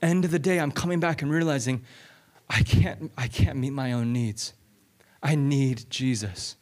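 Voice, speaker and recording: A man preaching a conversational Bible-teaching sermon, energetic and repeating lines for emphasis, often checking in with "okay?" and "right?". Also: mid-range voice, a little slow. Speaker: pastor.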